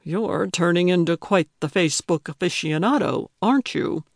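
A woman reading an audiobook, voicing a sardonic, condescending man who speaks deadpan. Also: lowish voice, moderate pace, creaky, no room sound, clean studio sound. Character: dry, sardonic grumpy man.

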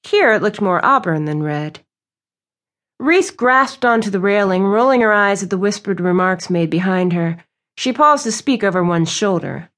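A woman reading a romance novel aloud as an audiobook narrator, with smooth, even storytelling. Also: medium pitch, normal speed. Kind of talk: scripted narration.

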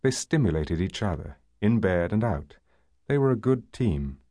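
A male audiobook narrator with a fairly low voice that moves widely in pitch as he tells the story. The reading is measured and expressive, and the recording is close and dry with no room sound. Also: dry recording. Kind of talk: scripted narration.

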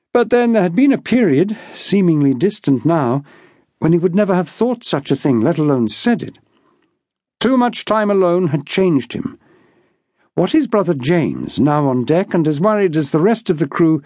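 A male audiobook narrator reads a scripted text in a measured, even storytelling style. His voice is somewhat high for a man, and the recording is close and dry with no room sound.

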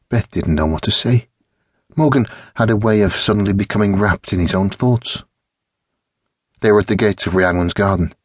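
Deep, husky male audiobook narrator. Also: a little fast, no room sound, clean studio sound.

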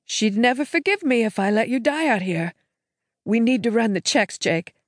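A woman voicing a grieving sister, gently firm. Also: fairly high pitch, expressive, normal speed, no echo, clean studio sound, pitched above the performer's own voice, natural voice. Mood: gently urging. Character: grieving woman, steady and coaxing, steadying her brother. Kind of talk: audiobook character voice.

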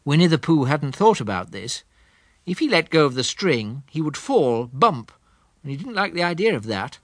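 A man reading a classic children's storybook aloud in a gentle, unhurried, expressive way. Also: fairly high pitch, no echo, clean studio sound. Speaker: audiobook narrator.

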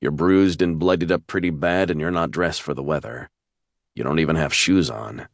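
A protective, tough man speaking to a frightened stranger in a romance audiobook, his words soft and soothing, as the narrator reads him. The voice is extremely deep and sits dry and close to the mic. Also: moderate pace, gravelly, no echo. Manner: gentle, soothing.

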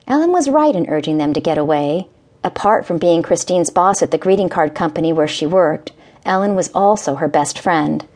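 A woman narrating a romance audiobook in a gentle, measured storytelling manner. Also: lowish voice, expressive. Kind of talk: scripted narration.

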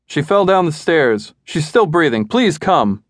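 A man's voice: fairly high pitch, very animated, unhurried, dry recording, clean studio sound, pitched above the performer's own voice. A man voicing a panicked middle-aged man who pleads for help, breathless and quaking. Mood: frantic.

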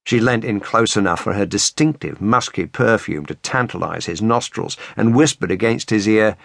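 A man narrating a thriller audiobook in a measured, expressive way. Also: on the low side, gravelly, no room sound, studio quality. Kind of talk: scripted narration.

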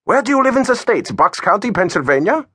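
A man's voice: very high-pitched, very animated, fast talker, a bit bright, husky, dry recording, voice pushed up, full character voice. A man doing a dry German-accented officer. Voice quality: precise, lecturing.

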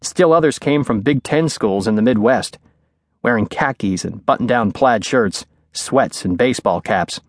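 A man reading a thriller audiobook aloud in a measured, clear storytelling manner, recorded on a studio microphone. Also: mid-range voice, no room sound. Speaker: audiobook narrator. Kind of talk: scripted narration.

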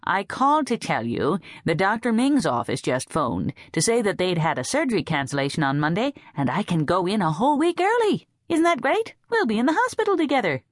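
A woman narrator voicing an excitable, chatty woman cousin who rushes and climbs high when thrilled. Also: no echo, studio quality. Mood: excited.

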